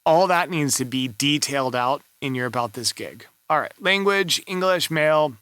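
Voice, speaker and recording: A man talks through a voiceover seller's gig in loose, casual commentary, coaching with blunt, offhand remarks. His voice is bright and forward at a middling pitch. The recording is dry and close, with almost no room sound. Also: animated, normal speed, clean tone, no echo. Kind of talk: casual screen-review commentary.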